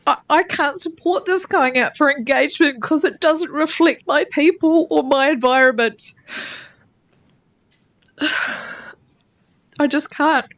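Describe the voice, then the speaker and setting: Her voice sits high and a bit bright; she speaks a little slowly and pauses often. The regional councillor is at a chamber table microphone giving a blunt, impassioned debate speech with plain swearing, emotional and near tears.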